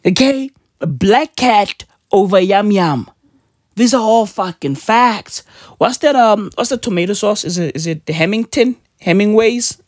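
South african woman, profane slangy rant, lively swinging pitch, dry close sound. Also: a little slow, no room sound. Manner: animated, swearing, slangy. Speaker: vlogger.

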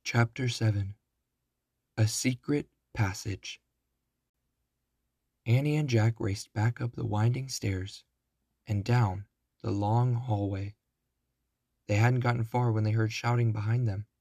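A man narrating a children's storybook aloud, slow and deliberate. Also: lowish voice, fairly even intonation, darkish tone, breathy edge, dry recording, clean studio sound.

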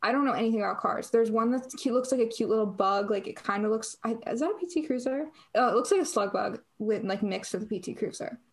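A woman's voice: on the high side, quick pace, few pauses, slightly rough. A young woman co-hosting a podcast, chatting casually and rambling with lots of fillers and restarts. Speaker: podcast co-host.

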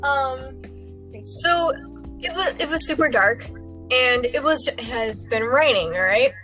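A woman's voice: high voice, takes it slowly, pushed and bright, faint music behind, rough recording. A young woman casually telling a rambling story, giggling and acting out what people said. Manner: rambling, giggly, acts out quotes. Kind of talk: casual chat.

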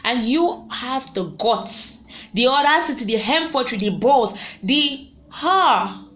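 A young woman chatting casually to her viewers, lively and quick to laugh. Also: sits high. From Nigeria. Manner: chatty and animated, laughs often, sings snatches of songs. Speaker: vlogger. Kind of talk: casual vlog chat.

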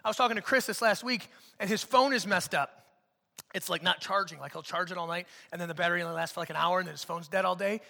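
A man preaching from a church stage in a high, very bright, forceful voice, loose and conversational, slipping jokes into his sermon. His voice carries a long reverb from the hall around him. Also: quick pace, creaky. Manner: casual, joking, conversational preaching. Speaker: pastor.

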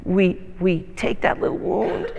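Pastor, male, high voice, animated sermon delivery, church hall reverb. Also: measured pace, vocal fry, dull audio. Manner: animated preaching with mocking whiny voices for quoted complainers. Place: church sanctuary.

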